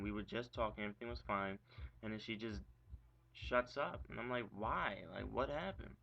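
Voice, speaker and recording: A man's voice: lowish voice, normal speed, creaky. A young man venting in a rambling, profane, frustrated monologue about a girl. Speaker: vlogger. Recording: dull lo-fi recording with faint hiss.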